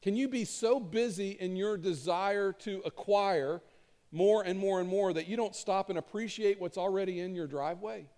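Earnest pastor preaching in a big hall. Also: male voice, high voice, moderate pace, warm tone. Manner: conversational, earnest, emphatic repetition. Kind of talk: sermon. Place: church auditorium stage. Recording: long reverb of a large hall.

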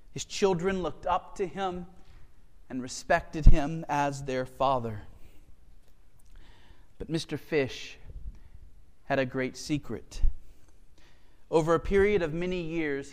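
A man's voice: a little high, long reverb tail. A man preaching a sermon and reading scripture in an earnest, emotional way. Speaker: pastor.

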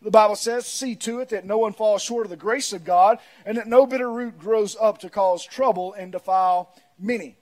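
A man preaches a sermon in a high voice. He builds to loud, emphatic passages, then drops to quiet, reflective storytelling. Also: moderate pace. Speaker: pastor.

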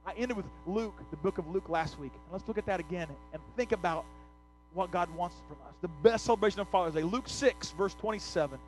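A man preaching a sermon as pastor, impassioned, swelling loud and dropping soft. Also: high voice, a little fast, soft background music, rough recording.

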